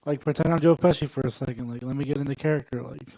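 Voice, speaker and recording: A young man doing a stand-up set at a comedy club, rambling and working the crowd with deadpan asides. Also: mid-range voice, rapid-fire, no echo, poor audio.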